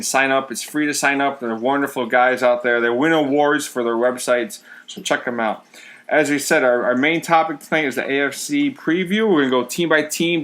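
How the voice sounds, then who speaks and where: A man co-hosting a podcast in casual chat, relaxed and stumbling through fillers. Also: mid-range voice. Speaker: podcast co-host.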